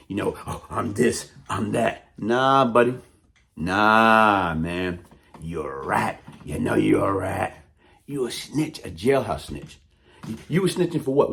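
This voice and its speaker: A man's voice: fairly low pitch, creaky. Heated New man calling someone out. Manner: heated, taunting, repetitive street talk. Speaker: YouTube commentator. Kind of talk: confrontational call-out monologue.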